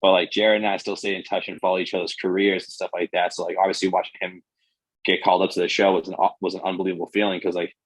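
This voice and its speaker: A young man in his twenties, a guest pitcher, telling stories casually and animatedly with lots of "like". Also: quick pace, no echo, rough recording. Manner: animated, fills speech with "like". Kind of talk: casual storytelling.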